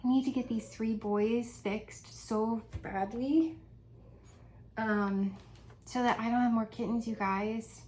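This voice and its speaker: A woman's voice: on the high side, steady tone, slow, a little mellow, slight background noise, low-quality recording. A woman vlogging from home in a casual, chatty, rambling way, laughing often as she talks. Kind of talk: casual chat.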